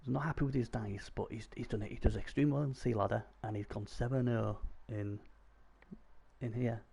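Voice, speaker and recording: A man commentating live on a video game stream, chatty and excitable, talking to his viewers. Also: mid-range voice, brisk, creaky, husky. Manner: chatty, excitable, talks to chat.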